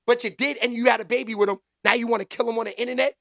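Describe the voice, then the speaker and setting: A man hosts a casual live stream, answering his chat in slangy street talk. His voice sits high and carries a gravelly rasp. He keeps it animated, jumping into loud exclaims. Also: very fast. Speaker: livestream commentary host.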